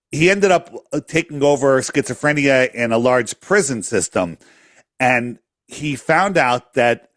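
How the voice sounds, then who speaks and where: A man's voice: medium pitch, dry recording, studio quality. A man talking in a casual interview, emphatic and repeating phrases for effect. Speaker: flat earth guest.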